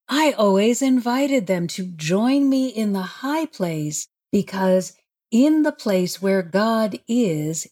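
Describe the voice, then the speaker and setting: A woman, a spiritual healer and podcast guest, telling a story in an animated way, often laughing and acting out what people said. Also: mid-range voice. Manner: lively, laughs often, acts out quotes.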